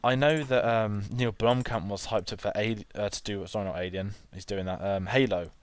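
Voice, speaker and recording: A man's voice: on the low side, steady tone, fairly quick, clean tone. A man co-hosting a film podcast, chatting enthusiastically and rambling with restarts. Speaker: podcast co-host. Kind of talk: casual film chat.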